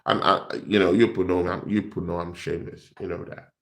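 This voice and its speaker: A man's voice: sits low, steady tone, brisk, noisy background. A young man, host of a football fan channel, ranting in exasperation and repeating himself. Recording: echoey room.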